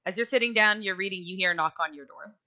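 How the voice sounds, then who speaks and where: A woman's voice: medium pitch, fast talker, pushed and bright, lo-fi sound. A woman running a tabletop game as game master, narrating casually, laughing and swearing freely.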